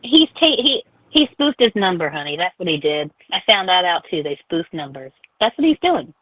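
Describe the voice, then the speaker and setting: A woman's voice: fairly low pitch, big pitch swings, normal speed, no echo. A woman posing as a mother on a prank phone call, scolding and ranting in an indignant way.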